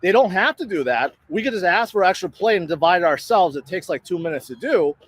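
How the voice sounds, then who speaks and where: A man's voice: sits high, expressive, brisk, a bit bright, no echo. A man telling a story about a restaurant bill in an indignant, casual rant. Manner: indignant, retells his own side of an argument. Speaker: storyteller in a played clip.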